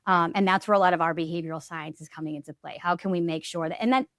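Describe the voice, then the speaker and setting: An upbeat woman with a somewhat low voice talks fluently as a guest expert on a podcast. She laughs easily between points. The sound is dry and close. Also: fairly even intonation, fast, a bit bright, no room sound. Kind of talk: podcast interview.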